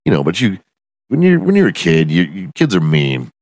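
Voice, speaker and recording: A man's voice: deep voice, huge pitch swings, fairly quick, darkish tone, dry recording, clean studio sound. A man hosting a podcast alone in his room, delivering a profane, self-mocking comedic rant. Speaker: podcast host.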